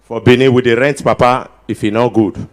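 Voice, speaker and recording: A man with a Nigerian accent doing stand-up comedy at a ceremony, bantering with the crowd and slipping into pidgin with sudden loud outbursts. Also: medium pitch, fairly even intonation, fairly quick. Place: large ceremony before an audience.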